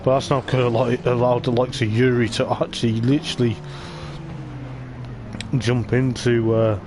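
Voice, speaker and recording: Guy doing rambly live race commentary for a sim racing league, game engines roaring loud behind him. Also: mid-range voice, level tone, normal speed, background noise. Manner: chatty, meandering running commentary. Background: race car engine sounds from the game.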